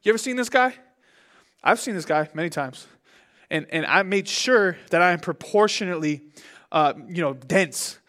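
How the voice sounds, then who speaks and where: A young man preaching a sermon as pastor, in an animated, conversational way with big swings in his voice. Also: sits high, normal speed.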